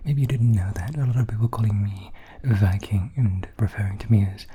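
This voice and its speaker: A man in a whispered role-play, softly rambling between bites of food into a close microphone. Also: lowish voice, fairly quick, breathy edge. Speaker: ASMR creator.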